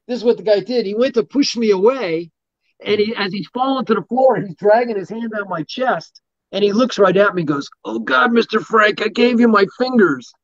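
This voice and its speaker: A middle-aged man, a martial arts instructor, telling rambling, animated anecdotes in a casual interview and acting out what people said. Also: high voice, no room sound. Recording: dull, dry lo-fi sound.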